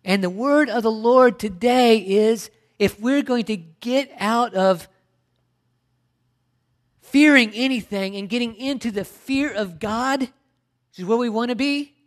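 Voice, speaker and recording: A man's voice: very high-pitched, slow. A middle-aged man preaching a sermon, emphatic, firing rhetorical questions and often restarting his sentences. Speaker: pastor.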